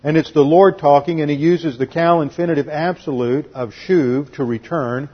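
Male pastor, Bible lecture, husky and somewhat high-pitched, emphatic teaching tone, muffled lo-fi recording. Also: normal speed. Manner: emphatic, didactic, drives points home. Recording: dull lo-fi recording.

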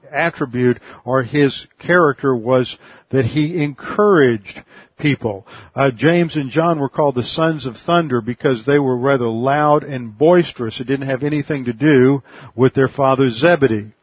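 A man teaching a Bible study lecture, explaining verses in an unhurried way with frequent restarts and fillers. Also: medium pitch, husky, dry recording, lo-fi sound.

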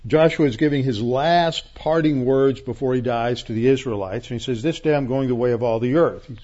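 A man's voice: mid-range voice, fairly quick, a little mellow, muffled recording. A man from Texas, a pastor teaching the Bible word by word, emphatic and repeating key words, with frequent restarts.

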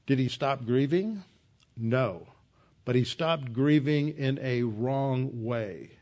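A man preaching an expository Bible sermon, explaining scripture verse by verse. His voice sits at a medium pitch. He talks in an emphatic, earnest way, stressing key points. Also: slow, darkish tone, muffled recording.

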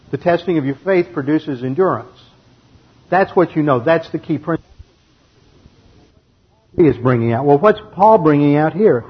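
A man with a fairly high, breathy-edged voice teaches the Bible verse by verse, methodically explaining the grammar and reading passages aloud. The recording is dull and lo-fi.

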